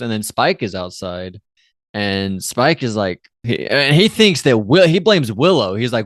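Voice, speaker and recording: A man's voice: mid-range voice, lively intonation, measured pace, no room sound, studio quality. A man co-hosting a podcast, chatting casually and rambling through an episode recap, often acting out the characters' lines. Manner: rambling, loose, with fillers and playful quoting of characters. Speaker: podcast co-host.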